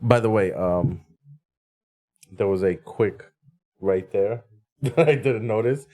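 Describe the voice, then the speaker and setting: A man's voice: fairly low pitch, slow pace. A man co-hosting a podcast, chatting casually and laughing as he tells stories. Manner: relaxed, laughs through his stories. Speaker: podcast co-host. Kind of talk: casual chat.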